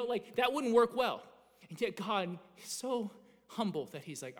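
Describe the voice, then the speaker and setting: A man in his thirties preaching a sermon as a pastor, earnest and animated, often restarting his phrases. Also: high-pitched, fairly quick. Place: church sanctuary. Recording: long reverb of a church hall.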